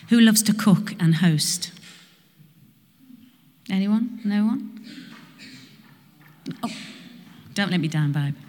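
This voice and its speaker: A woman's voice: fairly low pitch, a little mellow. Woman preaching in a reverberant hall. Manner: asks the congregation questions. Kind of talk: sermon to a congregation.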